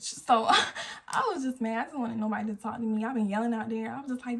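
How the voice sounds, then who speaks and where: A woman's voice: a little high, steady tone, fast, vocal fry. An eighteen-year-old woman telling a storytime vlog, acting out the quotes as she goes. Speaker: vlogger. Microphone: phone camera.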